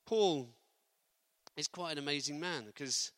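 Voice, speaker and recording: A man preaching a sermon, lively and building to loud, emphatic delivery. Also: fairly high pitch, a little slow, no echo.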